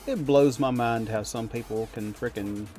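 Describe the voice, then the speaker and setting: A man's voice: mid-range voice, moderate pace, a little mellow, soft background music. A young man chatting casually on a game stream, rambling and swearing freely as he rants. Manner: profane, rambling, heats up when ranting. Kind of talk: casual live-stream chat while gaming.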